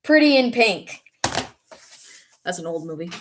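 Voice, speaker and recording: A woman chatting casually on a live stream, reading viewer comments and reacting with excitable, frequent laughter. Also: lowish voice, a little slow, a little hiss or hum.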